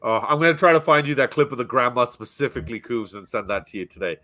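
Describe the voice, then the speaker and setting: A man's voice: medium pitch, quick pace. A man hosting a casual podcast chat, telling stories with energy and reading out viewer comments. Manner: animated storyteller, reads out viewer comments. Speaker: podcast host.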